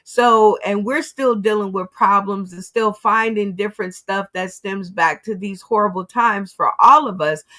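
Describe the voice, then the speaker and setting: A woman's voice: mid-range voice, fairly bright tone. A woman hosting a casual commentary show, giving her opinions on the news and speaking straight to her audience. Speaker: host.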